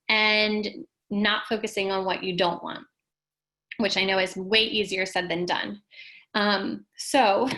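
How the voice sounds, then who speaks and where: A woman hosting a casual motivational talk, speaking straight to her viewers in an animated, emphatic way and reading out their comments. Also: creaky, poor audio. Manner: animated and emphatic, rising high when making a point; talks straight to the audience and reads out their comments. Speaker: host of a live wellness talk.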